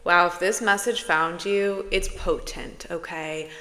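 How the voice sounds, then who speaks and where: Woman, spiritual channeler, playful and soothing, slow unhurried delivery, long reverb. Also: lowish voice, steady tone, sharp tone. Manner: playful and soothing, with laughs and sudden exclaims. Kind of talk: casual spiritual message to camera.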